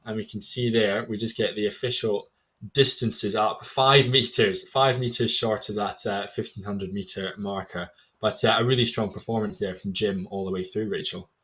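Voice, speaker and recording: Brief: male commentator, somewhat low voice, steady live play-by-play. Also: moderate pace. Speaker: sports commentator.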